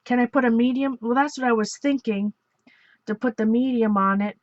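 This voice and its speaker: A woman's voice: fairly high pitch, normal speed, darkish tone, no room sound, highs cut off. A woman from Ontario chatting casually and rambling while she works on an art journal page, laughing often and correcting herself. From Ontario, Canada. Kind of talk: casual chat while crafting.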